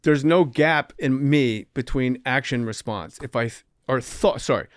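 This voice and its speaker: A man hosting a podcast, telling animated, wry stories about his life in comic storytelling style. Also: medium pitch, a little slow, no room sound, studio quality. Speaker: comedian podcast host.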